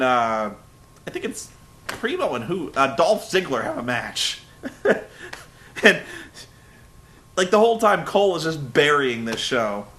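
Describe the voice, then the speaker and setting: A young man hosting a casual recap, rambling and animated, breaking into loud shouted impressions. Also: a little high. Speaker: web show host. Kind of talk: casual wrestling recap rant.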